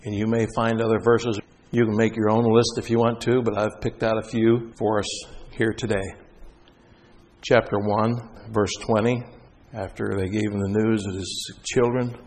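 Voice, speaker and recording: Preaching man in a reverberant hall. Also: normal speed. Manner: animated preaching, rising and loud at high points, dropping soft for stories. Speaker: pastor. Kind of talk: sermon.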